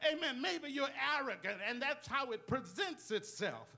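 A male pastor preaching in a call-and-response style, dropping amens and putting rhetorical questions to the congregation. His voice is strikingly high and bright, with a forceful ring. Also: big pitch swings, normal speed. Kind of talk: sermon.

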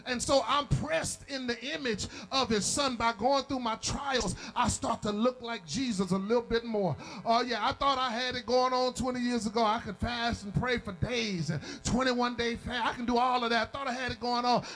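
A man preaching a fervent sermon, chanting and shouting to his congregation and calling for amens. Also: very high voice, poor audio. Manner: calls out to the congregation.

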